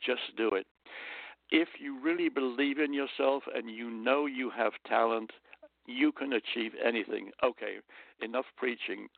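Gravelly British man on a tinny phone line. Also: mid-range voice, normal speed, no echo. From London, England. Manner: lively, earnest raconteur who drifts into motivational asides. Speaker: guest storyteller. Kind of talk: anecdotal interview storytelling.

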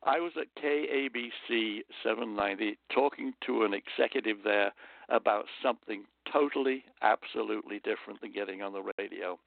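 A man's voice: lowish voice, brisk, creaky, no room sound. A man from London with a British accent, a guest telling stories in an interview, an earnest raconteur who slips into motivational asides. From London, England. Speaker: guest storyteller. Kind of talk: anecdotal interview storytelling. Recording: dry, tinny phone line.

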